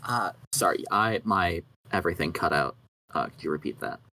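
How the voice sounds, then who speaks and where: Low-voiced man rambling in a tabletop game. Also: moderate pace, bright, forceful tone, rough recording. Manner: rambling with many fillers and swearing. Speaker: player. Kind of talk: tabletop role-play.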